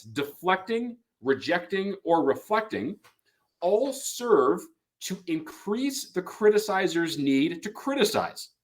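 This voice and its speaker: A man's voice: a little high, fairly bright tone. A man giving an explanatory talk on couples therapy, acting out quoted lines and often restarting his sentences. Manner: acts out quoted lines, frequent restarts and fillers.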